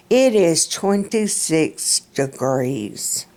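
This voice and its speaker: Slow-talking Southern woman, chatty. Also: fairly low pitch, animated. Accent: Southern US, Alabama. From central Alabama. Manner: chatty, rambling, folksy, laughs often. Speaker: vlogger. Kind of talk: casual rambling vlog chat.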